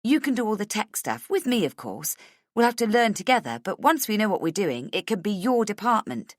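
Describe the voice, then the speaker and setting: A brash, bubbly young woman coworker, loud and gushing, her voice pitched up high and bouncing all over the place, as a woman narrator puts her on. The read is dry and close. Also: big pitch swings, a little fast, no echo, close to an everyday voice. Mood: gushing, pushy.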